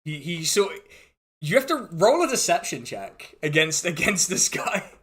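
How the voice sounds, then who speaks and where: A man's voice: on the high side, big pitch swings, a little slow, fairly bright tone. A man narrating a tabletop game as game master, in an amused, rambling way with frequent restarts.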